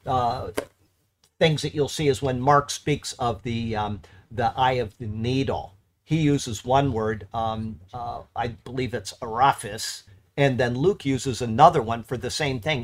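A man with a mid-range voice works verse by verse through one of the Bible's letters, stumbling and correcting himself before driving his points home emphatically.

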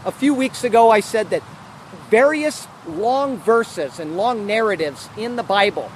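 A man's voice: high-pitched, expressive, a little slow, slight background noise, rough recording. A man, a pastor, giving an earnest and emphatic sermon outdoors. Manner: earnest, emphatic preaching with restarts.

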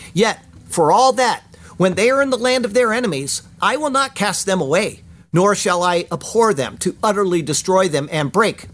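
A man reading a scripted sermon. He quotes scripture at length and slows down to sound out Hebrew words. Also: sits high, a bit bright. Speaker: pastor.

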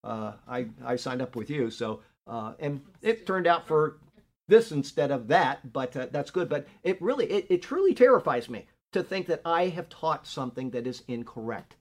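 A man's voice: mid-range voice, very animated, normal speed. An older man teaching a Bible class in an earnest, conversational way, often checking in with his listeners. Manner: conversational, earnest, frequent "okay?" check-ins.

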